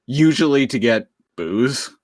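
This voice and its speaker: A man co-hosting a casual podcast, talking slowly, laughing often and swearing freely. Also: medium pitch, expressive, dry recording, clean studio sound. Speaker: podcast co-host. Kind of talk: casual chat.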